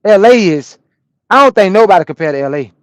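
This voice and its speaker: A man from Atlanta, a truck driver chatting casually on a live stream and answering viewers' comments in a relaxed, repetitive way. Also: high-pitched, fast, no echo, clean studio sound. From Atlanta, USA.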